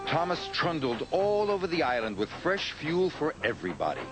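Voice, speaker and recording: A man narrating a children's story in a lively, expressive scripted style. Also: on the high side, moderate pace. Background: music.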